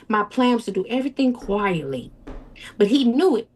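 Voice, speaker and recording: A young woman speaking at medium pitch and a fairly quick pace recounts a personal ordeal as an interview guest. Her emotional story tumbles out with repetition and restarts, and she mimics other people's voices when quoting them.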